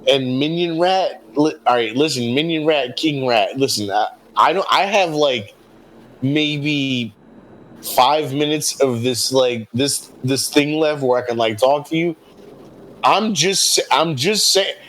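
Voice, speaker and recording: A man's voice: medium pitch, measured pace, slight background noise, low-quality recording. Stammering man rambling through a game. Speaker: player. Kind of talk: casual tabletop role-play.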